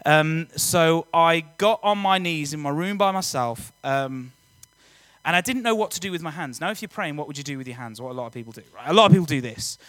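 A young man giving a lively, joking personal testimony talk to students, often quizzing the audience. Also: fairly high pitch, fairly quick, no room sound. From England. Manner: energetic, jokey, audience-engaging. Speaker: youth speaker.

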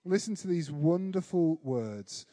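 A man preaches, weaving a self-mocking story into his sermon with lively, animated delivery. His voice sits high for a man, and the recording is dry and close with no room echo. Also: measured pace.

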